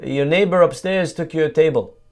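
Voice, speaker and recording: Man putting on a casual tenant, Spanish-Israeli accent, matter-of-fact, gravelly. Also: fairly high pitch, normal speed, voice pushed up, lightly acted. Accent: Spanish-tinged Israeli. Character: male tenant from Argentina, casual and unbothered.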